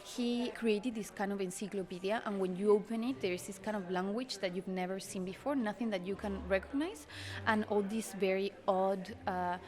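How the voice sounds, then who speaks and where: A woman's voice: medium pitch, normal speed. A female fashion designer explaining her collection thoughtfully in an interview, with many fillers. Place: busy showroom at a cultural institute. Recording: showroom with clear crowd chatter.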